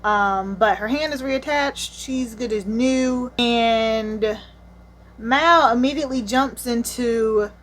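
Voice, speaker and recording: A woman recaps a manga volume in loose, slangy storytelling. She drops candid asides along the way and talks in a slightly high voice. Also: slow, fairly bright tone, a little hiss or hum. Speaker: manga reviewer. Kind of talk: casual storytelling review.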